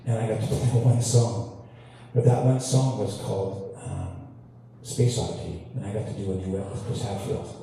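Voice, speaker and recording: A man from Canada, a guitarist, tells self-deprecating stories from the stage with an easy, laughing delivery. His voice is dark and mellow. The sound carries a long, echoey hall reverb and is caught from a distance. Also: on the low side, moderate pace, slight background noise. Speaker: guitarist telling stories between songs. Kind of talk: on-stage storytelling banter. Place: large hall with audience. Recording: echoey hall, distant mic, faint ambience.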